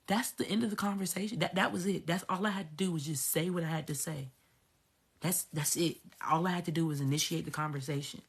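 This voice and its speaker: A woman's voice: low-pitched, a little fast, a bit bright, breathy edge. A woman coach telling a personal story to her viewers, emphatic and profane, repeating herself for effect. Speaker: spiritual coach. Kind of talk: candid storytelling vlog.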